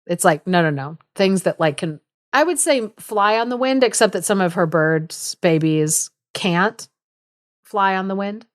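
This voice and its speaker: A woman co-hosting a podcast, chatting casually as she retells a folk tale, animated and full of quick asides. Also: medium pitch, no echo, clean studio sound. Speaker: podcast co-host.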